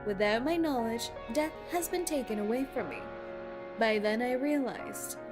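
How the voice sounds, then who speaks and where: A cold, solemn girl from a game story, as a woman streamer reads her lines, speaking low and hushed. Loud game music plays underneath. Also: lively intonation, moderate pace, natural voice.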